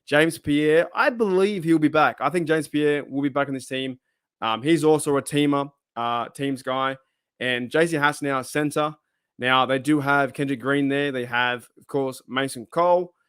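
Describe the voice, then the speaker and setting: A man's voice: mid-range voice, fairly bright tone, clean tone, no room sound, studio quality. A man talking casually to the camera as a sports YouTuber, rambling and thinking aloud with frequent asides. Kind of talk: casual solo video commentary.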